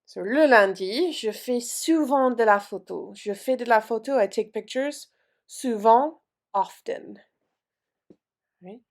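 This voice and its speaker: Slow, gravelly-voiced woman teaching French. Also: a little high. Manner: slow, patient drilling with repeated words. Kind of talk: vocabulary lesson, repeating words then translating.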